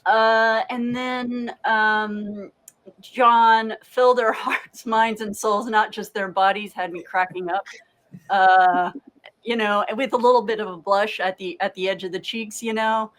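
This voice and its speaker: A woman's voice: mid-range voice, steady tone, unhurried, fairly bright tone, rough recording. A woman game master chatting casually about a tabletop game, enthusiastic and full of praise, with many fillers.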